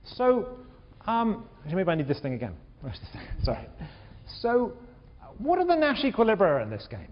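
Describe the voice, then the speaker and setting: Male lecturer, high lively voice, echoey lo-fi hall recording. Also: moderate pace. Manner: animated, repeats words, questions the class. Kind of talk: university lecture. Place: large lecture hall with balcony. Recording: echoey hall, dull lo-fi sound.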